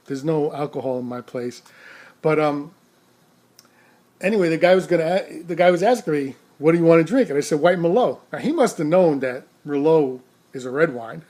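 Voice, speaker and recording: A man's voice: on the high side, darkish tone. Rambling, self-mocking man telling a story. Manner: rambling, self-mocking, laughs often, repeats words. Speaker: rideshare driver. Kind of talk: casual storytelling to camera.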